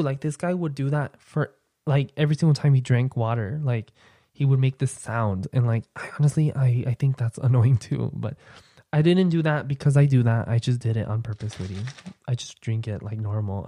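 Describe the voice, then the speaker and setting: A young man hosts his own podcast at a moderate pace, chatting casually and playfully with listeners and tossing in campy asides. At one point he drops into a low, quiet "sweetie" aside. There's no room sound on the recording.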